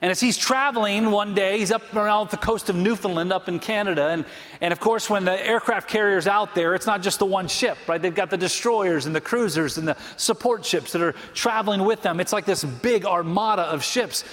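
High-voiced preacher in a reverberant hall. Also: male voice, a bit bright. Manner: storytelling preacher, emphatic slow phrases. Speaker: pastor. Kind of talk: sermon.

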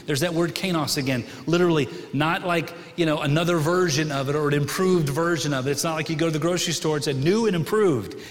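A middle-aged man preaching a sermon to his congregation in a church, conversational and animated, often asking the room questions. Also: on the high side, fast talker, hardly any pauses. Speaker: pastor. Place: church sanctuary. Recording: long hall reverb.

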